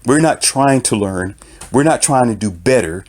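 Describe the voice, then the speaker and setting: Male commentator, mid-pitched, animated intonation, repeats key phrases like a sermon. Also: normal speed. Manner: emphatic, repetitive, preaching tone. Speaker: author and commentator. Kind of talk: impassioned opinion monologue.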